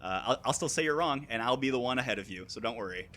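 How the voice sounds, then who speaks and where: Male podcast co-host, mid-pitched voice, joking mock-confident delivery. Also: lively intonation, fast talker, pushed and bright, slight background noise. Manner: joking mock-confident opinions, laughs often. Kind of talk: casual chat.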